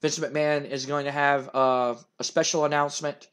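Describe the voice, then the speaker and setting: A man's voice: fairly high pitch, little pitch movement, normal speed, fairly bright tone, clear, resonant tone. A young man narrating a game in a loose, rambling way. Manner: loose, rambling, recapping with fillers. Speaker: gaming narrator. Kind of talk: casual let's-play narration.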